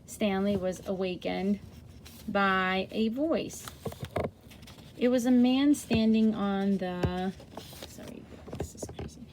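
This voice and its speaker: Woman reading a kids' chapter book out loud, friendly, trips over words and fixes them. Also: mid-range voice, fairly even intonation, slow, noisy background. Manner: friendly, with frequent small slips and self-corrections.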